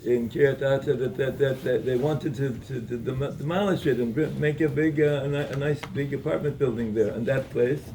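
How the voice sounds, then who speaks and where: A man giving a Torah talk at an evening gathering, telling a story in a halting way, with many repeated words and restarts. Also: mid-range voice, fairly even intonation, distant mic, noisy background.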